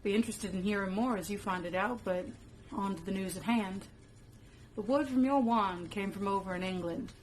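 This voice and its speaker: A woman's voice: medium pitch, moderate pace, a little hiss or hum, close to an everyday voice. A woman playing a laid-back female wizard professor with a casual, folksy way of talking, in a fan-made web drama.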